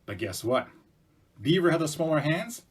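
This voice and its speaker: A man's voice: a little high, very animated, moderate pace, slightly rough. A man telling traditional stories to students in a chatty, casual way with asides and fillers. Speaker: storyteller presenting to schools. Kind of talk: casual oral storytelling.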